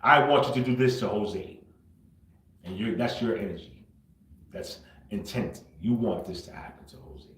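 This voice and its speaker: A man hosting a livestream, talking unscripted and confrontationally, swinging between low muttering and loud outbursts. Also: moderate pace, pauses often, echoey room, slight background noise, rough recording. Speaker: livestream host.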